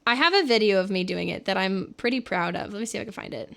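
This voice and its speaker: A woman's voice: medium pitch, expressive, fast, vocal fry, a bit bright. A woman from California, a livestreamer and singer, chatting casually with viewers in a rambling way and laughing often.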